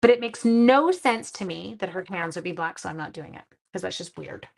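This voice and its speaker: Animated and a little fast, this middle-aged woman speaks in a lowish, creaky voice while hosting a crafting livestream from home. She chats warmly, names viewers as she greets them and teases herself over her mistakes.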